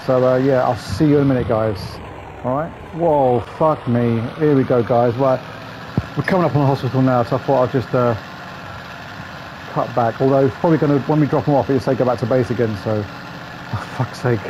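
A man's voice: mid-range voice, moderate pace. A man hosting a gaming channel, giving chatty, profane, grumbling let's-play commentary. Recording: game engine noise behind voice.

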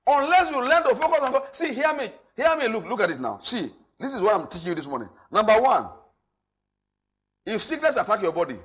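A man's voice: high voice, fairly quick, lo-fi sound. A man preaching a sermon, calling out questions to the congregation and declaring lines back. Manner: animated preaching with call-and-response. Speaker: pastor.

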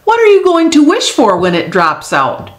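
A woman voicing a patient, kindly father who answers gently and reassuringly. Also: high voice, wildly swooping pitch, normal speed, voice pushed up. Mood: gentle. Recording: echoey room.

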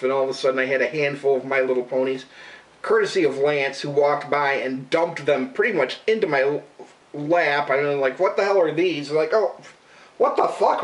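In a rough recording with the mic set at a distance, a man with a mid-range voice delivers a casual, profane rant to camera. He is a vlogger and regular on a radio show, and he rambles and curses, sounding exasperated and disbelieving.

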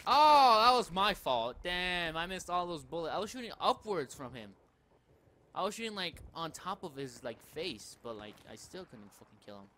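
A man's voice: a little high, big pitch swings, moderate pace, bright, forceful tone, slight background noise. A young man giving live commentary over a shooter game, foul-mouthed and ranting as he keeps dying. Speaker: gameplay commentator. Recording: faint game gunfire behind.

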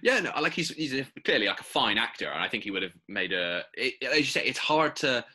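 A man co-hosting a podcast, talking things through casually and animatedly. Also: mid-range voice. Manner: quick, bright and animated, musing aloud. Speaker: podcast co-host. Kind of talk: casual chat.

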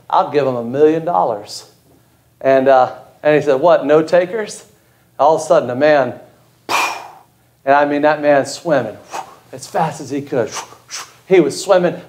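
Male pastor, higher voice, emphatic storytelling sermon in a church sanctuary. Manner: emphatic, storytelling preacher who rises to high excited peaks.

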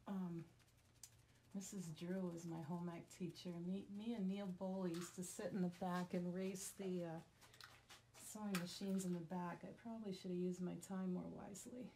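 Chatty Vermont woman, low-pitched. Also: steady tone, normal speed, warm tone, slight background noise. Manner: chatty, self-deprecating, jokes aside to someone off camera. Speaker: craft tutorial host. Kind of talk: casual craft demonstration.

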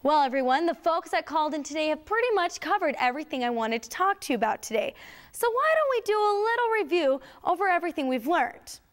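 A woman's voice: high voice, big pitch swings, quick pace. A woman cheerleader presenting to students, wrapping up and asking them to review. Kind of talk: school presentation.

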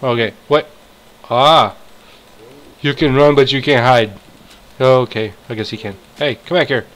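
Slow-talking man narrating his own gameplay. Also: medium pitch, low-quality recording. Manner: talks to himself, frustrated outbursts and excited shouts. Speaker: gamer. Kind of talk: casual gameplay commentary.

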